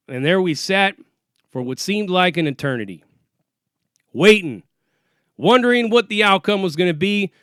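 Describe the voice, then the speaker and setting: High-pitched, a bit bright, clear and resonant, this former inmate casually tells profane, streetwise stories from jail, acting out the dialogue. The studio-quality recording has no echo.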